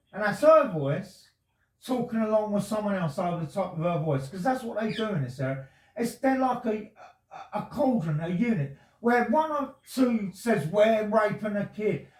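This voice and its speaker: A man with a high voice rambles insistently through his complaint, agitated and pressing his point. He sounds roomy and distant from the microphone. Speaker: resident making a complaint. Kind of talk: conversation with police. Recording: roomy, from far off the mic.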